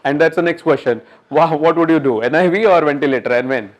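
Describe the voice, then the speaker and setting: A man giving an interactive medical lecture at a workshop, quizzing the audience in a coaxing, brisk way. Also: on the high side, muffled recording.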